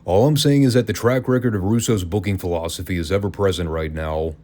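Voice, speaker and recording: A man's voice: deep voice, fast talker, a little mellow. A man hosting a podcast, giving a casual, opinionated and sarcastic wrestling review. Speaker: podcast host.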